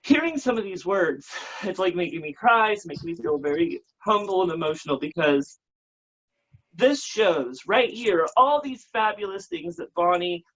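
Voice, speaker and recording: A man's voice: high voice, animated, moderate pace, fairly bright tone. A man in his thirties with an American accent, a drag queen talking campy and emotional, mixing crude jokes with heartfelt thanks. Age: 30s. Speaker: drag queen talk show host, guest. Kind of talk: casual interview chat. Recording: dull lo-fi sound.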